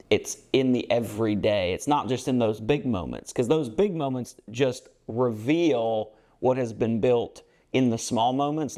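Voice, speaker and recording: With a medium-pitched voice and a darkish tone, this man, a basketball coach and podcast co-host, discusses team culture earnestly. He rambles in a casual way, his speech full of fillers.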